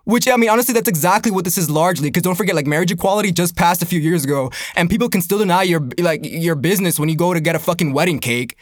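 A young man ranting in a casual comedic way, profane and animated, laughing often, his voice jumping up when he gets worked up. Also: high voice, very fast, few pauses, no room sound, studio quality.

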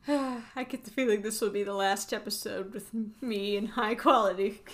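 A young woman co-hosting a casual podcast, soft-spoken with dry, nerdy asides. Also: medium pitch, fairly even intonation, normal speed. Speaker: podcast co-host. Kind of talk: casual chat.

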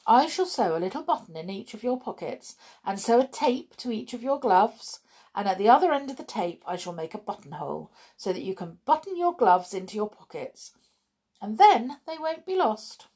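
A woman's voice: a little high, sing-song, moderate pace, a little mellow, breathy edge, voice pushed up, heavily acted. Woman doing a stern scolding mother. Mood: firm. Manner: firm and scolding. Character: strict, vexed mother of a young girl.

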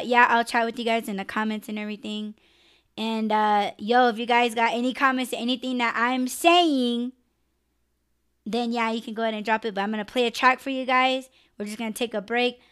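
A woman's voice: on the high side, clean tone. A young woman hosting a live podcast, venting bluntly and with lots of swearing. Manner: blunt, profane, animated venting. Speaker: podcast host. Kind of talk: casual live podcast rant.

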